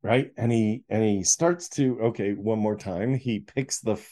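A middle-aged author, guesting on a podcast, tells a personal story and animatedly acts out the voices. He speaks in a lowish voice, a little slowly.

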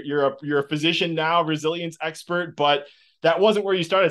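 A man's voice: on the high side, fairly bright tone. A man hosting an interview, enthusiastic and rambling, with lots of restarts as he sets up his questions. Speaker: podcast host. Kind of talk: casual interview chat.

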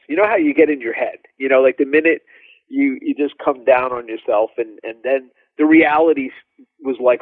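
A male drummer telling animated stories as a podcast guest, with lots of fillers and restarts. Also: medium pitch, moderate pace, no echo. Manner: animated, laughing storyteller, many fillers. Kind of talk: casual storytelling interview. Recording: dry phone-like line.

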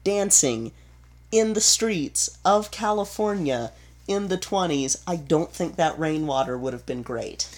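Slow-talking woman co-hosting a chat. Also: deep voice, expressive, darkish tone. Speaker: podcast co-host. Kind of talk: casual chat.

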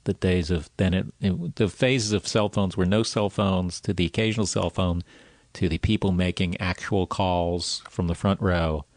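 A man's voice: sits low, steady tone, moderate pace, no echo. A man hosting a comedy podcast, laid-back and teasing in casual chat.

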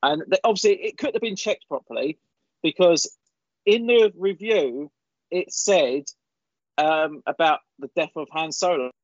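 A man with a high voice chatting on a podcast, indignant and ranting. His audio is dull and lo-fi, and the sound is dry. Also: a little slow, dry recording. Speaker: podcast co-host. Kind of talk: casual podcast chat.

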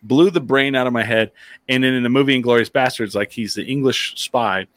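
A man hosting a podcast, chatting casually and telling stories, with animated quoted voices. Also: mid-range voice, fairly quick, dry recording. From near the Texas border, eastern New Mexico. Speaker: podcast host. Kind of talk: casual chat, storytelling.

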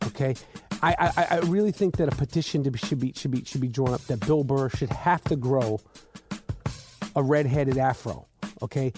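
A podcast host, a man, delivering a loud, profane comedic rant full of mock insults. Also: medium pitch, moderate pace, over music.

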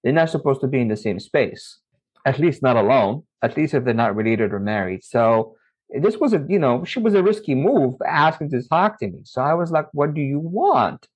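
A middle-aged man from Saudi Arabia, a podcast guest telling stories from his youth in an animated way. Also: medium pitch, brisk, breathy edge. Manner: animated, acts out his own past dialogue. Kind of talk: interview storytelling. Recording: slightly muffled audio.

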